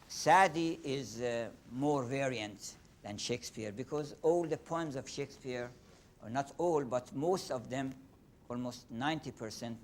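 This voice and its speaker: An older Iranian man with a Persian accent lectures on poetry in a halting way, full of fillers and restarts. A faint low rumble can be heard in the room.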